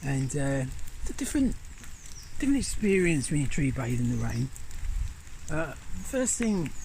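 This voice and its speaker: A middle-aged man filming himself in a rainy forest by a river, guiding viewers in a gentle, rambling, enthusiastic way. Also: medium pitch, sing-song, moderate pace, vocal fry, a little hiss or hum. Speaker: nature guide. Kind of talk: outdoor vlog instruction. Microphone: handheld camera.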